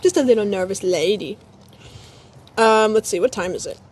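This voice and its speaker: A woman's voice: mid-range voice, moderate pace, darkish tone, husky. A woman live-streaming from her phone at home, chatting casually to her viewers and her dog as she grills. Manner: chatty, rambling, talks to her dog and chat.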